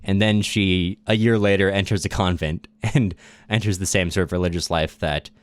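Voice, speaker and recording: A man's voice: deep voice, steady tone, moderate pace, no echo. A man co-hosting a casual literature podcast, retelling a plot loosely with fillers and chuckles. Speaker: podcast co-host.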